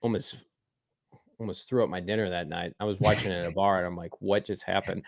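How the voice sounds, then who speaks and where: A man co-hosting a casual sports podcast, playful and animated, acting out little scenes as he talks. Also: sits low, a little fast, vocal fry, no echo. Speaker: podcast co-host.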